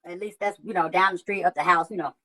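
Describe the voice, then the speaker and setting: A woman's voice: on the low side, fast, rough recording. Woman hosting a stream, cussing a lot, telling a story in her own slangy way. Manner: profane, animated, heavy slang. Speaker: livestream host. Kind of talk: casual storytelling chat.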